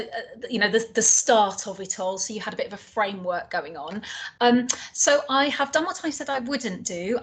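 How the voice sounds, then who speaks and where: A woman's voice: mid-range voice, a bit bright. A woman with a Northern English accent giving an online lecture to trainee teachers, chatty with many ums and restarts. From Northern England.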